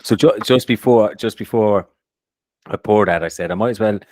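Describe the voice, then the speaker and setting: Male podcast co-host, very low voice, upbeat, stumbling restarts, dry close recording. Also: normal speed, a little mellow, no room sound. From Ireland. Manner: upbeat, repeats words when starting sentences. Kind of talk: casual chat.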